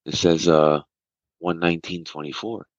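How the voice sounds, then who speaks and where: A man's voice: low-pitched, normal speed, no room sound, highs cut off. A man who trades stocks, rambling through market talk and a party story, restarting sentences often. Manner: rambling, animated, restarts a lot. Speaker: podcast host and stock trader.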